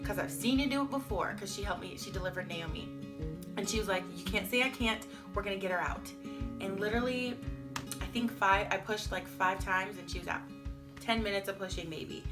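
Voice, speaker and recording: A woman's voice: mid-range voice, normal speed, over music. A young woman vlogger telling her story in a chatty, candid way, full of "like" fillers. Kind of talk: casual storytime vlog.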